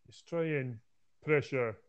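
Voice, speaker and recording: A man's voice: mid-range voice, takes it slowly, clear, resonant tone, highs cut off. A man speaking as a guest on a casual sports podcast, hesitant and trailing off.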